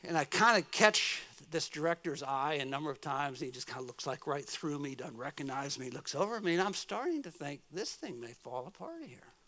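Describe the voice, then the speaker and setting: A middle-aged American man giving a sermon as guest preacher, telling a story and swinging from soft murmurs to loud exclamations. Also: fairly high pitch, animated, a little fast, few pauses. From United States. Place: church.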